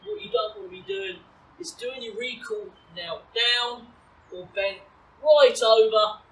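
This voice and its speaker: A woman teaching puppy recall outdoors, explaining calmly and switching to high, bright praise when she calls the dog. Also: unhurried. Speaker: dog trainer. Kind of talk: outdoor training demonstration. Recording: roomy, distant, faint ambient noise.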